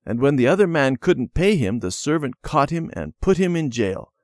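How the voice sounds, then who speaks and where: A man's voice: on the high side, very animated, normal speed, a little mellow, dry recording, pitched above the performer's own voice. A man reading as a stubborn young boy. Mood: telling.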